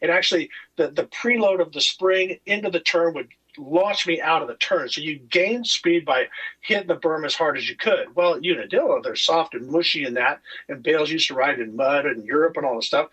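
A man from California, a former motocross racer, telling racing stories in a casual podcast chat, animated and swearing freely. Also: on the high side, a little fast, husky, dull audio. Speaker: guest, retired motocross racer.

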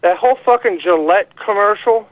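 Rambling profane caller on a tinny phone. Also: male voice, sits high, dry recording. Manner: rambling, profane, halting with many fillers. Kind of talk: call-in rant. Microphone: phone call.

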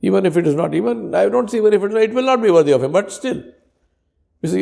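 A man's voice: sits high, lively intonation, fast, creaky, dark tone. A man preaching a sermon in an earnest, fervent way, with Arabic prayer phrases woven in.

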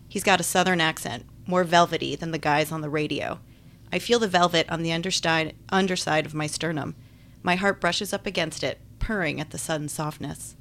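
A woman's voice: sits low, steady tone, fairly quick, fairly bright tone. A woman giving wry, chatty first-person audiobook narration. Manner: wry, chatty, self-deprecating.

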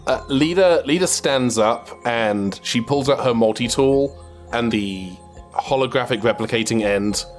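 A man playing in a tabletop game, describing his character's actions in an animated, playful way. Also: medium pitch, a little slow, soft background music. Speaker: player.

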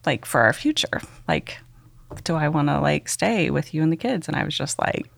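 Low, heavily creaky woman sharing testimony. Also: big pitch swings, normal speed. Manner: earnest, rambling with many likes. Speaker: podcast guest. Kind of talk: candid personal testimony.

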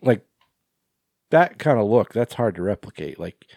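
Low-voiced rambling podcast man. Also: very animated, normal speed, creaky, darkish tone, dry recording, clean studio sound. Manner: rambling, filler-heavy, swears freely. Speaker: podcast co-host. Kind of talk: casual chat.

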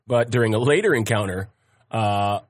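A man's voice: lowish voice, moderate pace, dry recording, clean studio sound. A man hosting a podcast, telling a history story casually, with many fillers and frequent laughs. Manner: chatty, laughs often, many fillers and restarts.

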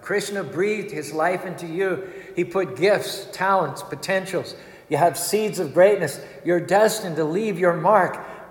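A man giving an emphatic storytelling sermon with dramatic retelling. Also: sits high. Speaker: spiritual speaker. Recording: echoey hall with long reverb.

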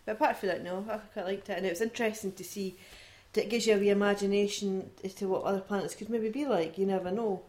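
A Scottish woman joining in on a casual film chat, mostly with dry, brief replies. Her voice sits at a middling pitch for a woman. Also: fairly even intonation, quick pace, hardly any pauses, a little mellow. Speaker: podcast co-host.

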